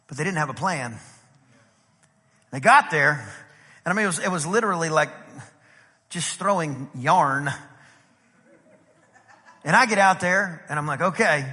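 A man from East Texas with an East Texas accent, a pastor preaching a storytelling sermon and acting out the dialogue. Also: high-pitched. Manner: animated, acts out dialogue in the story. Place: church sanctuary. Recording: reverberant church hall.

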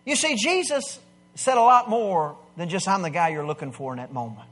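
A man preaching a sermon, swinging from quiet asides to loud, emphatic declarations. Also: high-pitched, animated, normal speed. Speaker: pastor.

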